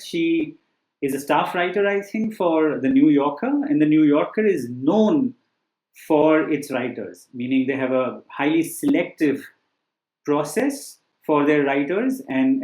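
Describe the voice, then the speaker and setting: A man's voice: on the high side, a little mellow. A man giving casual book recommendations as a test-prep teacher, talking loosely with many fillers and restarts. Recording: echoey room.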